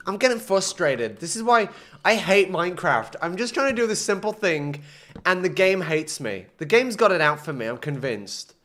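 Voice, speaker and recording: Excitable young man streaming a game. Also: sits high, measured pace. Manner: excitable, self-mocking, swings between frustration and laughter. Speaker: gaming streamer. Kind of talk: live gameplay commentary.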